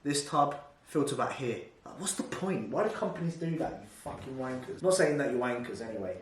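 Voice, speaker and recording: A man's voice: mid-range voice, lively intonation, brisk. Brash, swearing British man in echoey kitchen. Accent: British English. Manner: brash, swearing, joking and boastful. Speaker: fitness vlogger. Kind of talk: casual cooking vlog chat. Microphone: camera microphone. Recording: roomy room echo.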